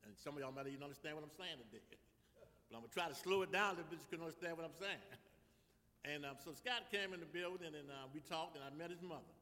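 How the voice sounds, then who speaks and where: A man with a New Orleans accent, a reverend speaking at a funeral, stumbling at first and then building into fervent, shouted preaching. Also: a little high. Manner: halting restarts, then rising to fervent shouted exhortation. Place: church funeral service. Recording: long reverb in a large church.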